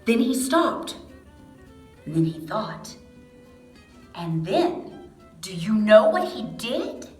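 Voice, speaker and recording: A woman reading a picture book aloud to young children in a slow, animated storytelling voice, speaking to them directly. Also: medium pitch, faint music behind. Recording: echoey room.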